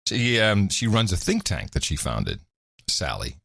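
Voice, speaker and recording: A podcast host from Europe, talking in a loose, joking way. His pitch swings widely as he goes. The sound is close and dry, with no room at all. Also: gravelly, husky, no echo. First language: Dutch. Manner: animated, chuckling, quick to joke. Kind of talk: casual talk.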